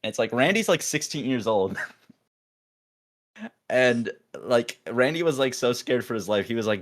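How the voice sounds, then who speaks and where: A young man, a podcast co-host, telling a work story in a rambling, animated way, full of restarts and acted-out quotes. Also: mid-range voice, measured pace, pauses often. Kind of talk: casual storytelling chat.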